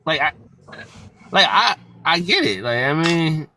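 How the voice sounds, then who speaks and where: A man's voice: a little high, very animated, unhurried, pushed and bright, slight background noise. A man speaking as a guest on an online panel, hesitant and repeating himself as he works through his thoughts. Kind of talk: casual live-stream panel debate.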